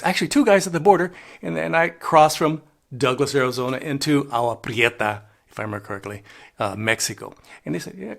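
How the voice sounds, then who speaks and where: Older man with a gravelly voice. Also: medium pitch, fairly bright tone. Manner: rambling, chuckling, drops in Spanish phrases. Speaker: travel vlogger. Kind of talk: casual storytelling monologue.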